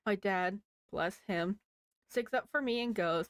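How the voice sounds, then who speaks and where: A woman's voice: mid-range voice, expressive, measured pace, fairly bright tone, dry recording. A woman reading online posts aloud in a casual way, with wry asides to the listener.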